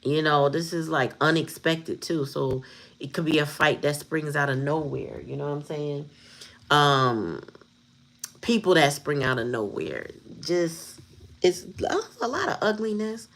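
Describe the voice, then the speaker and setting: A woman's voice: low voice, measured pace. A woman giving a casual tarot reading, blunt and profane, talking straight to her viewers and laughing often. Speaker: tarot reader.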